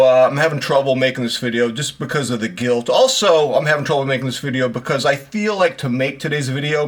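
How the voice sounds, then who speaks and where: A man's voice: mid-range voice, a bit bright. A middle-aged man with a mid-range voice hosts his own watch channel. He rambles casually, poking fun at himself and leaning on fillers as he talks. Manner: rambling, self-deprecating, with frequent fillers. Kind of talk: casual monologue to camera.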